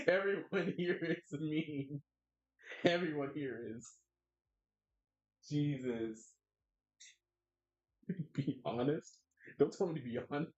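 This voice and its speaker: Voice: medium pitch, slow pace, long pauses. An adult streamer chatting casually while drawing, playfully whining and laughing a lot. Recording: dull lo-fi mic.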